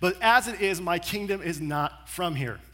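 A man voicing a calm, composed teacher figure who speaks in a measured, quiet way. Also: sits high.

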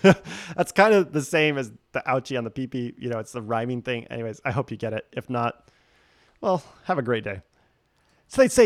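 A man's voice: sits high, expressive, quick pace, no echo, studio quality. A man preaching a sermon, telling a story with jokes and acting out the quoted voices. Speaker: pastor.

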